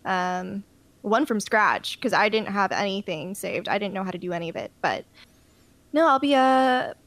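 A woman's voice: mid-range voice, lively intonation, moderate pace, a bit bright, no room sound. A young woman in radio chatting casually, rambling a little with frequent ums as she talks about her career plans. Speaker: radio news presenter. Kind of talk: casual chat.

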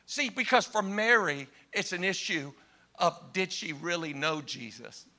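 A man delivers a sermon with a bright, forceful voice. He drops to slow, hushed phrases, then climbs into impassioned cries. He talks straight to his congregation. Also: high-pitched, expressive. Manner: impassioned, swings from hushed to shouting. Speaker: preacher.

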